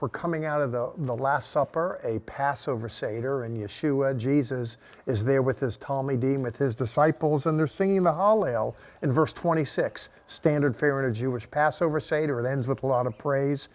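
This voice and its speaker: A man's voice: medium pitch, a little mellow. A middle-aged man giving an earnest teaching sermon, reading scripture aloud and voicing the quotes with emphasis. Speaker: Bible teacher.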